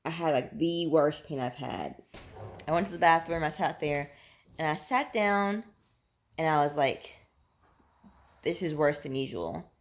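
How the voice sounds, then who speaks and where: A woman's voice: sits low, a little slow, low-quality recording. A woman in her twenties, a teacher, chatting candidly in a casual vlog and sounding tired, with lots of fillers. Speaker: vlogger and teacher.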